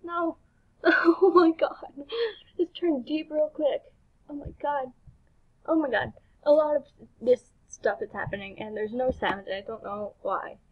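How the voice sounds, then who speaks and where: Woman gamer, higher voice, slow bewildered reactions, dull lo-fi recording. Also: steady tone. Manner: bewildered, exclaiming, laughing between lines. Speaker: gaming YouTuber. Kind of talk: reading game text aloud with reactions.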